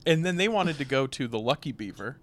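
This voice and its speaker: A man's voice: medium pitch, expressive, a little fast, fairly bright tone, slight background noise. A man in casual chat as co-host, joking in a dry, easygoing way. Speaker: podcast co-host.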